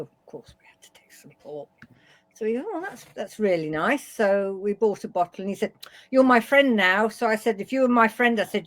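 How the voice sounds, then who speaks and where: A woman from the UK co-hosting a casual web chat show, telling anecdotes and acting out the people in them. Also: medium pitch. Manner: storytelling, quoting herself and others with lively voices. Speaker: co-host.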